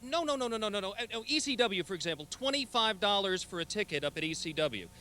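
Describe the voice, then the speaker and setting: Fast-talking stammering businessman. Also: high-pitched, lively intonation, sharp tone, slight background noise. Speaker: TV syndicator and owner. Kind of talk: scripted wrestling TV argument.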